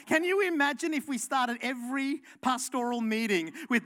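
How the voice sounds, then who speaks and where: A woman preaching a passionate sermon, building to loud rhetorical questions. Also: high voice, lively intonation, normal speed, few pauses.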